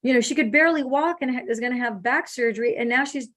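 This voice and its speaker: A woman's voice: a little high, fast. A woman hosting a casual call, telling stories with acted-out quotes. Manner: animated storyteller acting out quoted speech. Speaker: host. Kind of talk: casual phone consultation.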